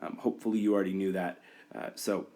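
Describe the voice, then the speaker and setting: Low-voiced man teaching a math lesson. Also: level tone, fast, warm tone. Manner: talks through steps aloud, frequent fillers and restarts. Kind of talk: whiteboard math tutorial.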